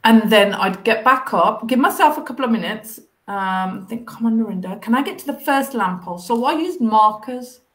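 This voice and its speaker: Speaking at a normal speed and rarely pausing, a woman with a somewhat high voice shares her story as a guest in an interview heard over a video call. She's animated and expressive, repeatedly slipping into the voices of people from her past to act out old conversations.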